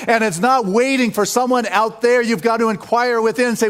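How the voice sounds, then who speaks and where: Guy preaching, high voice, lively storytelling sermon. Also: brisk. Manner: animated storytelling with laughs. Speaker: pastor.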